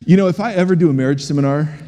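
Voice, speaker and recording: A middle-aged man preaching a sermon as a pastor, animated and humorous, asking the congregation questions. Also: fairly high pitch, very fast. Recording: long hall reverb.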